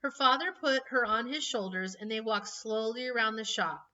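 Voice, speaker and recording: A woman reading a children's book aloud in an expressive, emotional way. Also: a little high, moderate pace. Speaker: reader. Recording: slightly distant, dull lo-fi mic.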